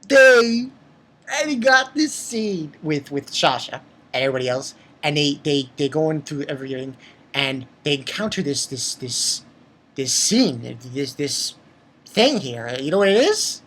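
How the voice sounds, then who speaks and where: With a bass voice and a measured pace, a woman delivers an excited anime episode review. She talks animatedly, exclaiming and swearing along the way.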